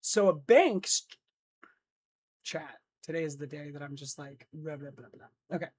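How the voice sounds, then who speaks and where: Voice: medium pitch, unhurried, darkish tone, breathy edge. A livestream host chatting casually with viewers and reading news stories, sounding drowsy after just waking up and restarting lines after slips, on a noise-cancelled streaming mic. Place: indoor streaming setup in Los Angeles.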